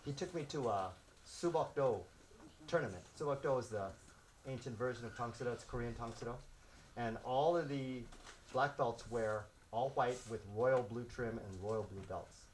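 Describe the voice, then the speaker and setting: A man in his sixties who grew up in Los Angeles, a martial arts instructor telling stories to his students and acting out the shouts, laughing often. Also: mid-range voice, moderate pace, a little hiss or hum. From South Central Los Angeles. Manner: animated, acts out shouts and quotes, laughs often. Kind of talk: storytelling to students.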